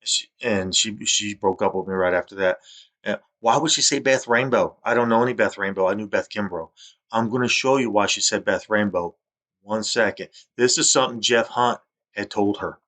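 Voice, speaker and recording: A man in his fifties with a drawl rambles to camera, circling back and repeating his claims. His voice sits a little low and has a bright, forceful edge. He sounds accusatory throughout. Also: moderate pace. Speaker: vlogger.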